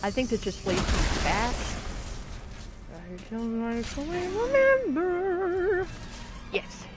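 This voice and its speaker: A woman's voice: a little high, slow pace, music in the background. A woman hosting a let's-play video, chatting casually, giggling often and trailing off mid-thought. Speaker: gaming video host.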